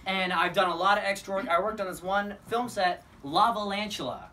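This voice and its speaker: A man's voice: sits high, a little fast. A young man with an American accent doing stand-up comedy. He talks in a chatty, self-deprecating way and laughs often. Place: live comedy venue. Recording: distant live mic, loud crowd and noise.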